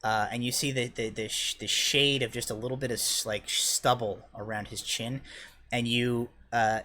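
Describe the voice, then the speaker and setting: A man's voice: mid-range voice, level tone, moderate pace, bright, forceful tone. A young man running a tabletop game as dungeon master, narrating in a loose, rambling way with many fillers and restarts.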